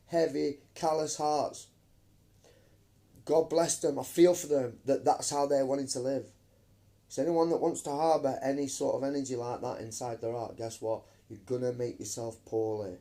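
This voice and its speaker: Ranting man, dark voice. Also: mid-range voice. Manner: emphatic, swearing, calls listeners mate. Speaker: vlogger. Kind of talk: ranting live-stream monologue. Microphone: phone camera.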